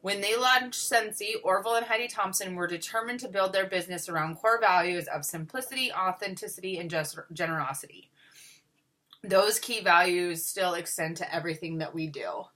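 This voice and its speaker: A young woman talking casually to her sales team, chatty and upbeat, often pausing on ums and restarting her sentences. Her voice is bright and a little low for a woman. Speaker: team leader.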